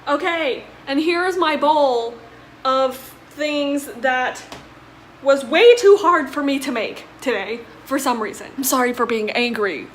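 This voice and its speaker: A woman's voice: high voice, lively intonation, a little slow, slight background noise. A young woman in college filming a casual cooking vlog, chatty and self-deprecating, often exasperated at her own mishaps. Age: young adult. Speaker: college student vlogger. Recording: echoey room with clattering dishes.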